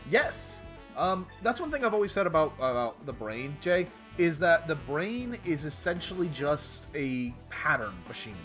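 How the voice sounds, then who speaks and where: A man's voice: on the high side, a little slow, hardly any pauses, soft background music. A man playing a visual novel, reading the story aloud, voicing its characters and chatting about it between lines. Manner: animated, switches between character voices. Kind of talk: reading a game aloud with commentary.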